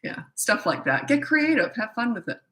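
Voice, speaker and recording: A middle-aged woman, a parenting coach, hosts a casual live Q&A, answering viewer questions in a bright, forceful, slightly high voice with a sing-song lilt at normal speed. She's chatty and blunt, pokes fun at herself and laughs at her own jokes, all in a room full of echo.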